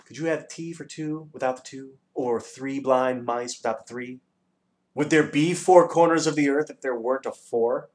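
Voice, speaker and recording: A man voicing a pedantic, number-obsessed male dodecahedron in a storybook reading, lecturing precisely and bursting into shouts. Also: mid-range voice, normal speed, close to an everyday voice. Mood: excitable, lecturing.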